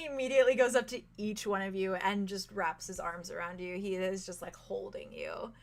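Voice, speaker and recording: A woman narrating as game master of a tabletop game in an animated, chatty way, full of fillers. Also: mid-range voice, normal speed, gravelly, hardly any pauses.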